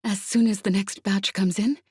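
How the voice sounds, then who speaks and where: A woman reading an audiobook, voicing a calm crewwoman speaking in a low, measured voice. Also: slightly rough, dry recording, studio quality, natural voice.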